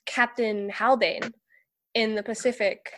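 A woman's voice: fairly high pitch, fairly even intonation, a little slow, a bit bright. A woman co-hosting a casual chat, hesitant and full of fillers as she compares scenes. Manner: chatty, hesitant, filler-heavy. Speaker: podcast co-host.

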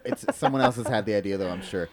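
A young man co-hosting a podcast in loose, profane casual chat, now and then bursting into loud playful outbursts. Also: fairly low pitch, fast talker, crowd noise. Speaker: podcast co-host.

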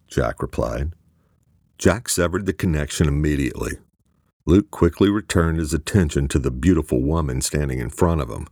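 Very deep-voiced male audiobook narrator. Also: normal speed, darkish tone, breathy edge, dry recording, studio quality.

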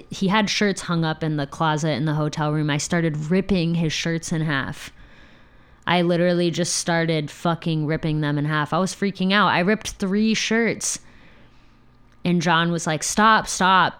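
A woman's voice: deep voice, clear, resonant tone. A young adult woman hosting a podcast, frankly telling a story from her own life, profane and laughing. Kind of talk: candid personal storytelling.

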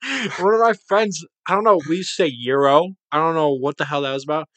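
A young man as a podcast guest in casual chat, laid-back and quick to laugh. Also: on the high side, fairly bright tone, no room sound. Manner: laid-back, laughs often, short replies.

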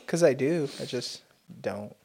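A man's voice: mid-range voice, sharp tone. A man from the United States co-hosting a casual podcast chat, teasing his friend and swearing casually. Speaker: podcast co-host.

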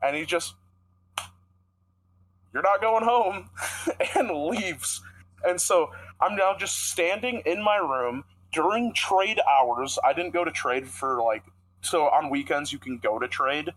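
A man's voice: a little high, expressive, a little slow, fairly bright tone, low-quality recording. A young man co-hosting a podcast, telling a rambling, profanity-heavy story in casual chat. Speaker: podcast co-host.

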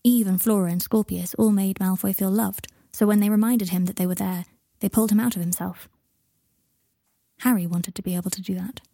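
Calm story narrator, woman, mellow and breathy, dry close sound. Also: medium pitch, a little fast, no echo. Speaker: audiobook narrator. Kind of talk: reading fan fiction aloud.

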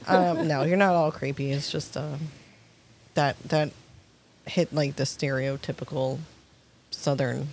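A woman's voice: sits low, fairly even intonation, unhurried, darkish tone, a little hiss or hum. A woman in casual podcast chat, telling stories in a chatty way and laughing often. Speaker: podcast co-host.

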